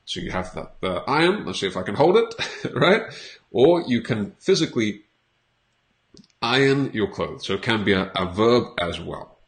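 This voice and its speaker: A male English teacher talks casually to his viewers, joking as he goes. His voice moves up and down a lot. He says each word again and again, slowly and clearly, so learners can copy it. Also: lowish voice, very animated. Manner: playful, repeats words slowly for learners. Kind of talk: casual on-camera English lesson.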